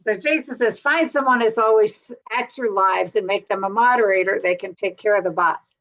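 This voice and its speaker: A woman's voice: medium pitch, brisk, fairly bright tone, rough recording. Chatty woman hosting a livestream. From North Carolina. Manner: chatty, laughs easily. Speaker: livestream host. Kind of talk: casual chat.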